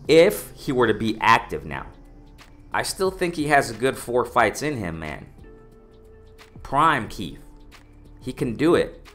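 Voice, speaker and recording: Casting: man, fired-up boxing vlogger, bright forceful voice, lowish pitch, faint music underneath. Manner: excited, repetitive, addresses "ladies and gentlemen", many restarts. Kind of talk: casual commentary monologue.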